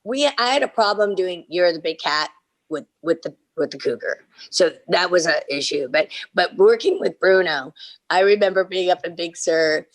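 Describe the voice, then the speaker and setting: A middle-aged woman on a video-call fan panel, telling lively stories and acting out the people in them. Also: normal speed. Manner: animated, acts out quotes with big leaps in pitch. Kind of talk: casual anecdote telling.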